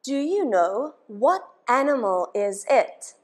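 A woman teaching a children's English lesson, her voice pitched a little high. She speaks extremely slowly, asking simple questions and pausing so young listeners can repeat each word after her. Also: big pitch swings. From South Africa. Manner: patient, asks questions and has listeners repeat words.

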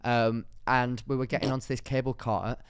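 A young man co-hosting a podcast in casual comedic chat, teasing and cheeky, with bursts of loud exaggeration. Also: medium pitch, flat delivery, moderate pace, clear, resonant tone, dry recording, clean studio sound. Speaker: podcast co-host.

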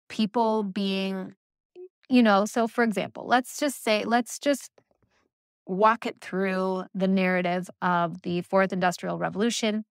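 A woman's voice: mid-range voice, vocal fry, clean tone, dry recording, studio quality. A woman hosting a spiritual solo podcast, talking earnestly and rambling with frequent filler words. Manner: earnest, rambling, with many "you know" and "like" fillers. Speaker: podcast host.

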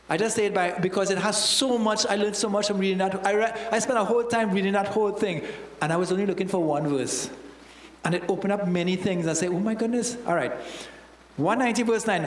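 A man's voice: sits high, roomy sound, in a large hall, rough recording. A man with a Trinidadian accent, a church elder preaching a sermon in a conversational way, often checking in with "all right?".

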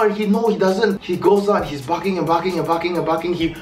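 Brief: fairly high-voiced man, lively storyteller with frequent restarts, recorded a little off-mic in an echoey room, soft music behind. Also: quick pace. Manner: animated, repeats words and restarts often. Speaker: vlogger. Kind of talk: casual storytelling. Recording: echoey room, heard from a distance.

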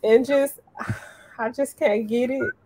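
A woman on a casual panel who tells her stories in a lively way, calling out to listeners. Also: high voice, slow pace, a little hiss or hum. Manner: lively storyteller, addresses listeners as y'all. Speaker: panelist living abroad.

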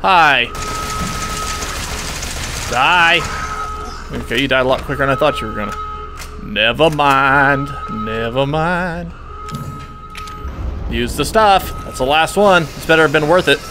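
A man narrates his game in a joking, jumpy running talk to himself. His voice sits a little high for a man and swings a lot in pitch, while his pace stays slow. Game music plays clearly behind him. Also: animated. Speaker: gaming channel host. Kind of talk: let's play commentary.

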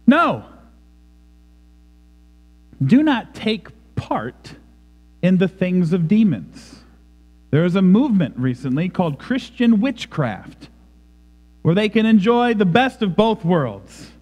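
High-pitched pastor preaching, swoopy lively delivery, echoey sanctuary. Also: male voice, takes it slowly, long pauses. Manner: emphatic, dramatic preaching with acted-out quotes. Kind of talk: sermon. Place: church sanctuary.

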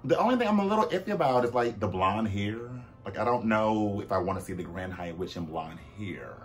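A man hosting a vlog in casual, chatty commentary. He talks animatedly, with swooping pitch, sudden loud bursts and frequent fillers. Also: expressive, a little fast, soft background music. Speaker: vlog host.

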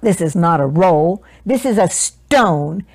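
A woman's voice: fairly low pitch, animated, slow pace, darkish tone, no room sound, voice pushed down, full character voice. A woman voicing an angry, commanding male duke who roars his orders. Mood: stern. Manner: roaring, commanding.

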